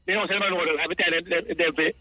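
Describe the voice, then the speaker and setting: A man's voice: high voice, steady tone, fast talker, sharp tone, poor audio. A man with a Jamaican accent calling in over the phone, rambling through a long account in patois and repeating himself. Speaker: radio caller.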